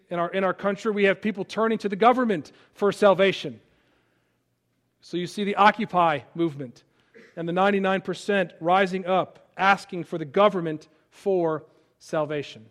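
A man in his thirties preaching a sermon, dropping to a hushed voice in personal stories and rising to loud peaks. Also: high voice. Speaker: pastor.

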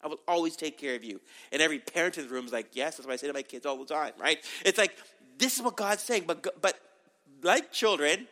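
A male pastor preaching a sermon, animated, acting out quotes and often asking "right?". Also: on the high side, a little fast. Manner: animated, acts out quotes, tag questions.

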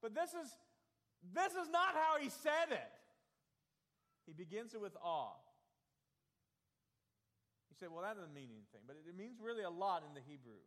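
A man preaching a sermon to a congregation, questioning them directly and building from quiet explanation to fervent, emphatic delivery. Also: sits high, very animated, normal speed, long pauses. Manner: preaching with rising intensity, asks the congregation to raise hands. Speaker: pastor. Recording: long hall reverb.

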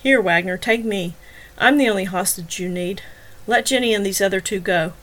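A woman voicing a wounded young man in a narrated story, who makes a steady, bargaining plea. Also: mid-range voice, moderate pace, natural voice. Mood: pleading.

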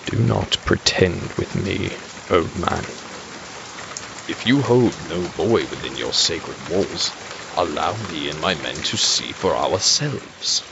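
An actor playing a stern, menacing knight captain who interrogates with cold command in an audio drama. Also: male voice, deep voice, lively intonation, slow, vocal fry, background noise, heavily acted. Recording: dull lo-fi recording.

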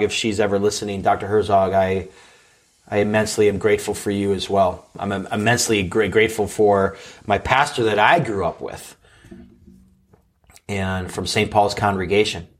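A man hosting a life-coaching podcast, telling his own story in an earnest, emotional way with frequent halts and restarts. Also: lowish voice.

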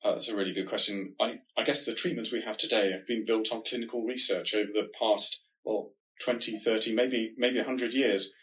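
A man with a somewhat low, nasal voice, talking things through on a podcast. He explains calmly and steadily, in a measured, reassuring tone. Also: low-quality recording. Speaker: diabetes research podcast co-host.

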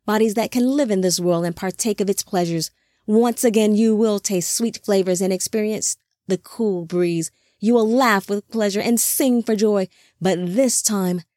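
A woman's voice: mid-range voice, mellow, no echo, clean studio sound, natural voice. A woman reading the part of a smug, cruel male angel leader who mocks and commands his soldiers. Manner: mocking, commanding.

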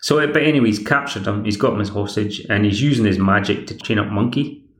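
A man's voice: fairly low pitch, fast. A Scottish man hosting a podcast, recapping a TV episode in a chatty, rambling way with wry asides. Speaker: podcast host. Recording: echoey room.

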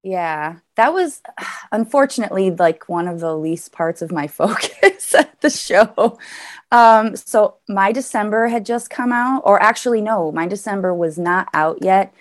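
A woman's voice: mid-range voice, expressive, unhurried, dry recording, clean studio sound. A woman raised in the American South who tells stories in a casual chat. She talks animatedly and laughs often.

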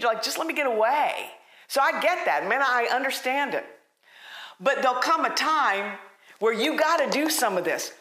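A woman preaching a conversational sermon, emphatic and animated, often repeating her points. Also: sits high, roomy sound. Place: church.

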